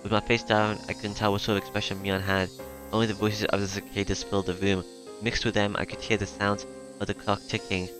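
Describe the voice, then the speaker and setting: A man reading a visual novel aloud in the first person, halting at times with fillers and restarts. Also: fairly low pitch, level tone, music in the background.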